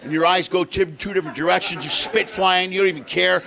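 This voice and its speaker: A middle-aged man doing a stand-up comedy set, telling stories with animated delivery and shouting the punchlines. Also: high-pitched, fast talker, gravelly. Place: live comedy stage. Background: audience laughter.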